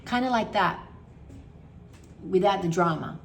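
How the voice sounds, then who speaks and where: A woman's voice: mid-range voice, expressive, normal speed. A woman talking casually to camera as a wellness coach, emphatic and repetitive, acting out her own anxious thoughts.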